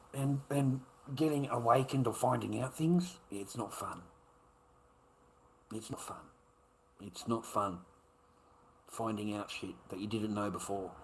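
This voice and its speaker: A middle-aged Australian man rambles through a casual livestream, blunt and profane, circling back on his own phrases. His voice sits in an everyday middle pitch, with faint noise behind it. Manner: blunt and profane, repeats himself, says mate a lot. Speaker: live streamer.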